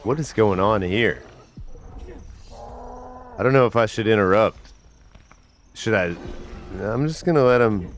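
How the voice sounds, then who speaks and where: A man's voice: fairly low pitch, expressive, a little slow, long pauses. A young man streaming a game, muttering profane commentary to himself with bursts of exasperation and an occasional cough. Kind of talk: live gameplay commentary.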